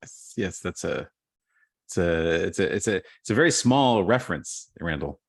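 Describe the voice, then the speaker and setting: Middle-aged male improv teacher, low voice, dry close sound, animated storyteller. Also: moderate pace, vocal fry, slightly rough, dry recording. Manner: animated storyteller, acts out quotes. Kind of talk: casual conversation. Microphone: video call.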